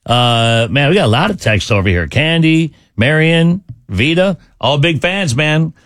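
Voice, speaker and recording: Man, radio host, quick joking banter, dry close studio sound. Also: on the high side, expressive, fairly bright tone, no echo. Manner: quick, joking, hypes up the caller. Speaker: radio morning show host. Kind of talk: upbeat radio game banter.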